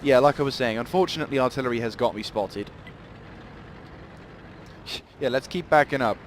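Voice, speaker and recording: A man's voice: mid-range voice, quick pace, slight background noise. A man giving live gameplay commentary, rambling and swearing in sudden outbursts.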